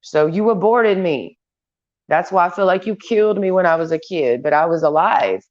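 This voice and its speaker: Woman vlogger, low-pitched, blunt and foul-mouthed, rambling rant, dull lo-fi sound. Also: moderate pace, a little mellow. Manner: crude, profane, blunt. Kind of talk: rambling stream-of-consciousness rant. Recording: dull lo-fi recording.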